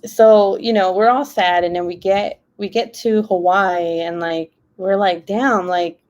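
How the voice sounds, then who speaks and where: A woman's voice: mid-range voice, steady tone, unhurried, a little mellow, highs cut off. A young woman live streaming, telling a long story in a casual, rambling way while reading the comments. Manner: chatty, rambling, heavy use of "like".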